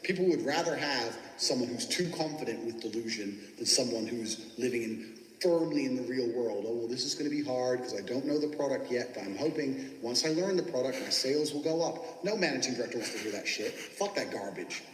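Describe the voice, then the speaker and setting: Brash fast-talking man in echoey room. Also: mid-range voice, lively intonation, a little hiss or hum. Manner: brash, boastful, swears constantly. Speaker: business coach teaching sales. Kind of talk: profane motivational monologue. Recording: echoey room with long reverb.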